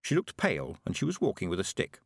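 A man narrates a story in a measured, expressive way. His pitch rises and falls a lot as he reads. The recording is dry and close, with no room sound. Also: creaky, breathy edge, dry recording. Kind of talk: audiobook narration.

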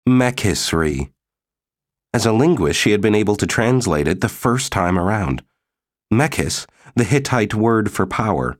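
A man with a fairly low voice narrates a scripted audiobook steadily and in a measured manner. The studio-quality recording is dry.

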